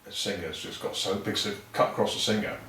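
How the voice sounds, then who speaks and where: A man's voice: lowish voice, steady tone, quick pace, heavy background noise. A man telling casual, rambling stories as a podcast guest, swearing freely and acting out other people's lines. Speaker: guest saxophonist. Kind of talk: casual anecdotal storytelling. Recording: echoey room, mic far off.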